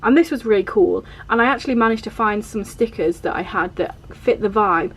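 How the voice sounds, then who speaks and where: A woman's voice: mid-range voice, brisk, a little hiss or hum. Chatty woman flipping through her journal. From England. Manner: chatty, rambling, uses filler like "like" and "vibe". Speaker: vlogger. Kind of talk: casual journal flip-through.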